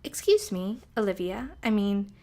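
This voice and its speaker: A woman voicing a small, timid young girl mouse who talks in an eager, squeaky way. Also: sing-song, a little slow, mellow.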